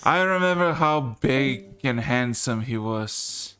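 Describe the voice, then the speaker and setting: A man voicing a short, gruff old hag who keeps a tavern and drifts into wistful memories. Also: medium pitch, expressive, takes it slowly, sharp tone. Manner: gruff, folksy, drifting into reminiscence.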